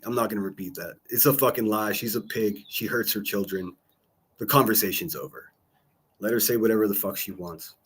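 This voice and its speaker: Streamer host, husky voice, profane and combative, mocking tone. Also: male voice, medium pitch. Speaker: livestream call-in host. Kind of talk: ranting livestream chat.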